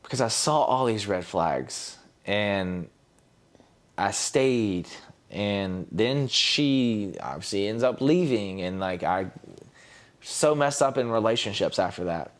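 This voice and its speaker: A young man with a lowish voice and lively intonation speaks slowly as a podcast guest, candidly telling a personal story. He retells scenes by acting out what other people said.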